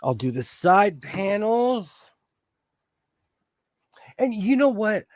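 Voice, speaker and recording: A man from Los Angeles hosting a sewing livestream, chatting casually with frequent laughter and animated storytelling. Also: high-pitched, takes it slowly, dry recording. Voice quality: bald. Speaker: livestream host. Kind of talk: casual chat while sewing.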